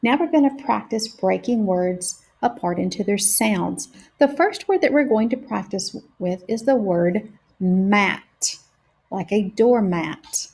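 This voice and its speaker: A woman teacher leading a phonics lesson for young children, sounding out each word slowly and clearly. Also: mid-range voice, expressive, a little mellow. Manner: slow and deliberate, stretching out each sound.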